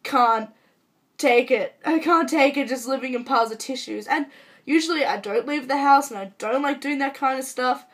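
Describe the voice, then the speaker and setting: A young woman sick with a cold, talking to camera at home in a chatty, self-mocking and dramatic way, her voice hoarse. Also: sits high, normal speed. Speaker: vlogger. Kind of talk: casual chat to camera.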